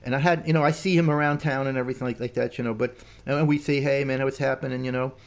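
Fast-talking older man telling stories. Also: mid-range voice, steady tone. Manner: rambling, peppered with "man" and "you know". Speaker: musician. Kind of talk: casual storytelling.

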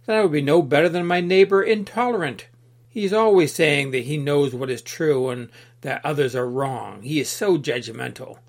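Man voicing a fussy, agreeable fellow in a storybook reading, mild and quick to complain. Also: on the high side.

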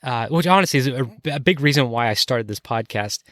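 A young man hosting a podcast, sincere and halting, with frequent restarts. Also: mid-range voice, lively intonation, a bit bright, no room sound. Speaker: podcast host. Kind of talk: casual chat. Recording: dry close sound.

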